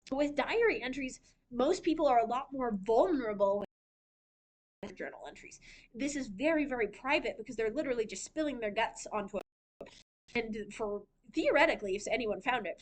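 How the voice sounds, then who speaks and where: A young woman leading a library writing workshop, chatty and giggly, with many fillers. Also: fairly high pitch. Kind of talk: casual talk on writing. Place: library room.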